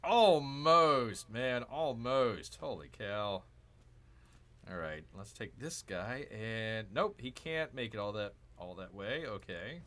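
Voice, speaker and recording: A man's voice: fairly low pitch, animated, takes it slowly, fairly bright tone. A man hosting a gaming channel, casually talking himself through a strategy game, cheering and groaning at each move.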